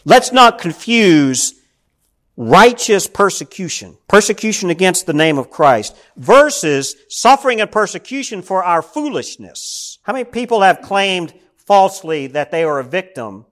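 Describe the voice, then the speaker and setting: High-voiced male pastor, storytelling sermon, calls out to the congregation. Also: sing-song, moderate pace, a bit bright.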